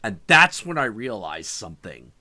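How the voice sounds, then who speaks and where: Man in his thirties, lively pitch, bright tone, swearing storyteller, show host. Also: normal speed. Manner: animated, profane storyteller. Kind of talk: casual chat, storytelling.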